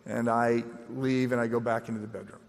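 Brief: middle-aged male pastor, chatty and self-deprecating, average pitch, echoey church hall. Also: little pitch movement, fairly quick, vocal fry. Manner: conversational, self-deprecating, repeats words when starting phrases. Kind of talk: sermon with personal story.

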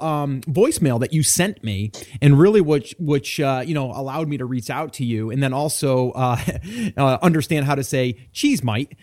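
A man's voice: mid-range voice, a little mellow. A man hosting a podcast, introducing a guest and chatting in an upbeat, casual way. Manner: upbeat, laughs easily. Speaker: podcast host.

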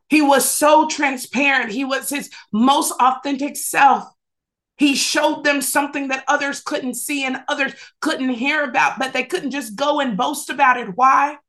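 A woman preaching with fervor in a high, bright voice. She builds rhythm through repeated phrases and calls her listeners to answer back. She is speaking through a video-call microphone. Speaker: Bible study teacher. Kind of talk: sermon-style Bible teaching.

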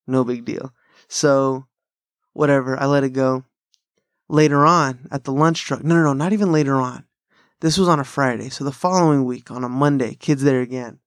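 A podcast host with a middle-pitched voice, fairly even intonation, and a moderate pace rambles through profane bro-style stories in casual chat, laughing frequently and swearing freely. The sound is dry and close, with no room or echo.

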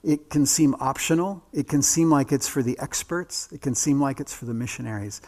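Man preaching with dramatic hushes. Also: mid-range voice. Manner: dynamic preaching with sudden drops to quiet, drawn-out emphasis. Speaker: pastor. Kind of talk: sermon.

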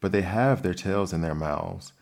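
A man's voice: low-pitched, moderate pace, creaky, darkish tone. A man voicing a sleepy, melancholy male turtle creature in an ASMR bedtime story reading, talking in a drowsy, rambling way.

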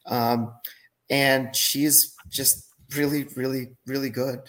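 A man's voice: medium pitch, little pitch movement, slow pace, a bit bright. A man as a podcast guest talking about his business in casual chat, enthusiastic and given to repeating words for emphasis. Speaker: guest, laser accessory business owner.

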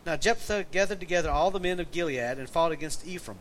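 A man's voice: on the high side, fast talker, few pauses, a bit bright, poor audio. A middle-aged man with a Southern accent preaching a conversational sermon, telling a folksy family story and reading scripture aloud. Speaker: pastor. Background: faint air conditioner hum.

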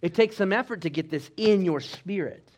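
Male preacher, fairly high voice; exhorting sermon delivery, loud bursts and quiet drops. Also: moderate pace. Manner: exhorting, with call-and-response asides; swings between loud emphasis and quiet, low delivery. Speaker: pastor.

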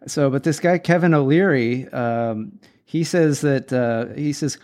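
A man's voice: medium pitch, a little slow, darkish tone. A man in his forties hosting a casual solo podcast, speaking candidly and bluntly with firm opinions. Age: 40s. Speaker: podcast host.

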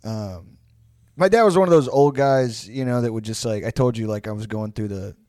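A man's voice: medium pitch, brisk, a little mellow, dry recording, clean studio sound. A man co-hosting a comedy podcast, telling a loose, rambling story between laughs. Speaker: podcast co-host. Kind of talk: casual comedy chat.

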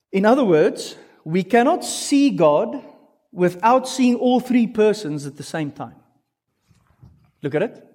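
A man delivering a teaching sermon in a slightly high voice. He is animated and stretches key words for emphasis. He breaks in with questions and playful asides to his listeners. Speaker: pastor.

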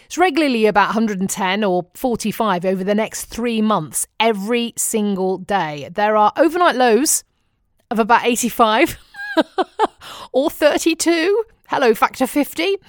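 A woman's voice: fairly high pitch, animated, unhurried, no room sound, clean studio sound. Chatty Northern English woman vlogging. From Manchester, England. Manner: chatty and wryly humorous. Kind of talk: casual diary vlog.

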